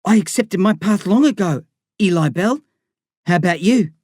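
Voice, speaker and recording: An intense teenage boy with a Vietnamese accent intones his lines formally, as if reciting a sacred code, voiced by a male reader. His voice sits somewhat higher than the narration. The sound is dry and close. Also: expressive, moderate pace, darkish tone, dry recording. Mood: solemn menace. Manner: formal, solemn, ritualistic. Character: intense teenage boy, solemn self-styled warrior.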